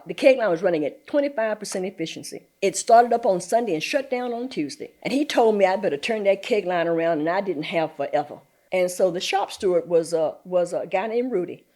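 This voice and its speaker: A woman's voice: mid-range voice, fairly quick. An older woman from the American South, a community activist telling workplace stories in an interview, laughing often as she goes. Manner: animated storyteller, laughs often. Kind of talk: storytelling interview.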